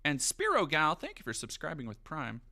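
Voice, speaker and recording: Male streamer, lively pitch, profane and jokey, reads aloud with mock gravity. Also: fairly quick, creaky. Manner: animated, profane, jokey riffing. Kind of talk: casual livestream commentary.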